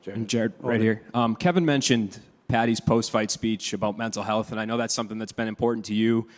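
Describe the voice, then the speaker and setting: A man's voice: fairly low pitch, steady tone, a little fast, big-room sound. A male reporter asking a question at a press event, laying out the context first. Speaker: interviewer.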